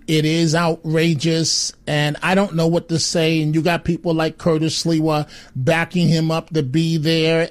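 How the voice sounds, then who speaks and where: A man hosting a talk radio call-in show, emphatic and repetitive, turning sarcastic at times. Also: on the high side. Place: radio studio.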